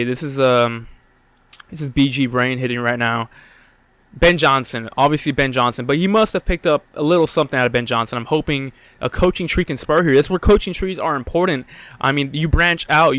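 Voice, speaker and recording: A man's voice: medium pitch, a bit bright, clear, resonant tone, no room sound. A young man hosting a solo sports podcast, out of breath, rambling with lots of fillers and blunt, profane opinions. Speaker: podcast host.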